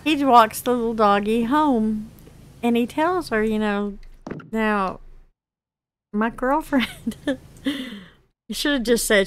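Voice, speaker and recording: A woman's voice: fairly high pitch, takes it slowly, long pauses, a little hiss or hum. A woman hosting a gaming video, casually telling a personal story while she plays, laughing often and acting out the quotes with big jumps in her voice. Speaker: gaming channel host.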